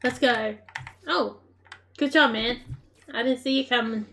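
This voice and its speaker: A woman narrates her own game as she plays, excitable and quick to laugh, throwing playful taunts at her opponents. Her voice sits a little on the high side. Faint keyboard clicks tick away in the background. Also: vocal fry, a little hiss or hum. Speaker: gaming creator. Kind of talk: live gameplay commentary.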